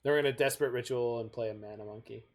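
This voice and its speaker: A man's voice: medium pitch, fairly even intonation, rapid-fire. Chatty Canadian man streaming a card game. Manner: chatty, thinks aloud while playing. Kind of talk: casual gameplay chat.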